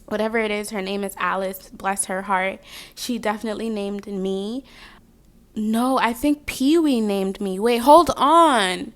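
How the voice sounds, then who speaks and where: A woman's voice: medium pitch, measured pace. A young woman giving a casual tarot reading, chatty and rambling, drifting off on tangents between the cards. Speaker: tarot card reader.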